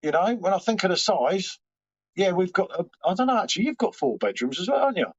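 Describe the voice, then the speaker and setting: A man's voice: sits high, very animated, quick pace. A man hosting a live stream from home, rambling and swearing casually as he chats back to viewers' comments. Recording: dull lo-fi stream audio.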